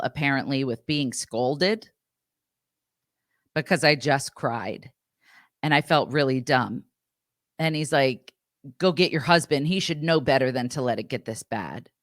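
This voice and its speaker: Her voice is a rumbling low, captured in clean, studio-quality audio with no echo. She's a podcast co-host telling stories in a loose, rambling, animated way, voicing the quotes of the people involved.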